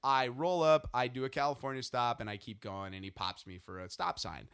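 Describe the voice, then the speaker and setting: A man's voice: medium pitch, steady tone, fairly quick, gravelly, fairly bright tone, smooth. A man in his thirties hosting a podcast, telling stories in casual, profane chat and laughing often. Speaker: podcast host.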